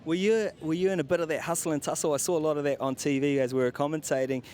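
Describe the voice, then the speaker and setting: Fast-talking sideline sports interviewer, man. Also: fairly even intonation, a little mellow. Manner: chatty, quick and matey. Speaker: commentator and interviewer. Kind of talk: post-match sideline interview. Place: outdoors at a sports ground. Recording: outdoor recording with faint rumble.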